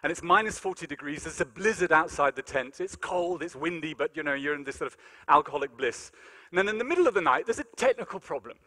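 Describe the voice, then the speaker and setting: A man's voice: fairly high pitch, quick pace. A man giving a comic storytelling lecture to an audience in a large hall, acting out his own lines. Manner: animated, comic storytelling with acted-out quotes.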